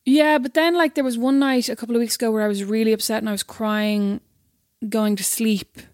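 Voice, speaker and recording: A woman in a brisk, playful podcast chat who talks fast and drops in teasing remarks. Her voice has a mid-range pitch. It is recorded close and dry. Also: fairly even intonation, darkish tone, no echo. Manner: teasing, quick interjections. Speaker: podcast co-host. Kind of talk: casual chat.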